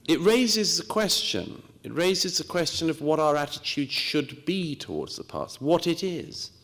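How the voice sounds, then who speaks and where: A man from Britain giving a measured, storytelling lecture with quoted asides. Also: lowish voice, long reverb tail. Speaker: speaker. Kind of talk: lecture talk.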